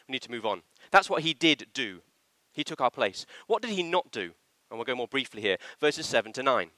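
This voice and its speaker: A man preaching a sermon in a church, with an animated, emphatic delivery that slips into acted quotations. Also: mid-range voice, no echo.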